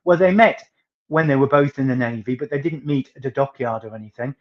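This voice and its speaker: With a mid-range voice and a fairly quick pace, this northeast English singer tells chatty stories in an interview, his soft accent colored by theatrical stress on words. The highs in the audio are cut off.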